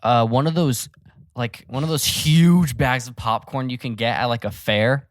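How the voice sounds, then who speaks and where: A young man co-hosting a casual podcast, laid-back and laughing loudly with his friends. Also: medium pitch, normal speed, no echo, clean studio sound. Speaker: podcast co-host. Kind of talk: casual chat.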